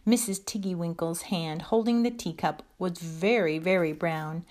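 A woman reading a children's story aloud in a gentle, expressive way. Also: lowish voice, normal speed.

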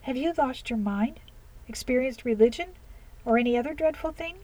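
Female narrator voicing a worldly young society lady, high and theatrical, mellow tone. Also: a little fast, close to an everyday voice. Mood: dismayed. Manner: exclaiming, theatrical dismay. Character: fashionable young society woman, dramatic and worldly.

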